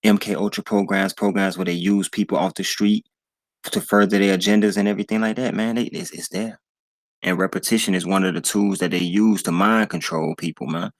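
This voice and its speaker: A man talks straight to his viewers, preachy and repetitive. His voice is very deep and sits close and dry, with no room around it. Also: steady tone, fairly quick, dry recording. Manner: preachy, repeats himself, addresses viewers as y'all. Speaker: channel host. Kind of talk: casual commentary to viewers.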